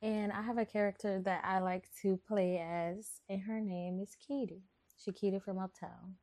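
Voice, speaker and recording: A woman's voice: medium pitch, fairly even intonation, normal speed, darkish tone. A woman from New Orleans who grew up in Texas, hosting a podcast in a chatty, rambling, playful way. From New Orleans, raised in Texas. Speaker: podcast host. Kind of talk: casual chat.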